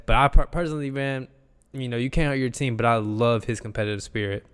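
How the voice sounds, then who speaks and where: A man's voice: mid-range voice, fairly even intonation, quick pace, clear, resonant tone, big-room sound. A young man, an enthusiastic football analyst, talking loosely through game film and repeating himself as he goes. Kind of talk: casual film breakdown.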